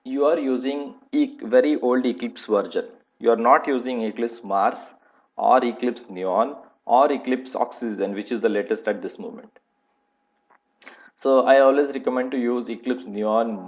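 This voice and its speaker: A man teaching a live online software testing class, talking in a halting way with many fillers and repeated points. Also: mid-range voice, highs cut off.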